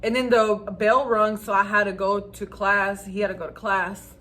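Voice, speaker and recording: A woman's voice: mid-range voice, level tone, moderate pace, fairly bright tone. A young adult woman telling a personal story to her viewers in a casual, chatty way, laughing often. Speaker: vlogger.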